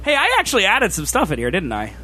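A man co-hosting a podcast in casual chat, teasing and animated. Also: high voice, quick pace, a little hiss or hum. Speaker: podcast co-host.

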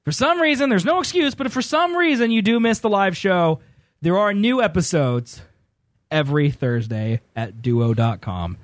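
Male radio host, high voice, lively swooping pitch, jokey casual chat, dry close studio sound. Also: moderate pace, dry recording. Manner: joking, laughs often.

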